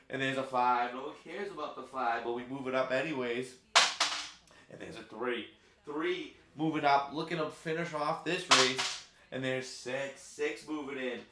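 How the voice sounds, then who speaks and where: A man hosting a live stream, calling a race play-by-play with sudden loud outbursts and casual banter. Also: medium pitch, echoey room, very noisy. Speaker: stream host.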